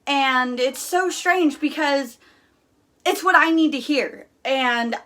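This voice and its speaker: A woman's voice: sits high, takes it slowly, a bit bright. A young woman hosting a casual live stream, talking bluntly and candidly with lots of fillers.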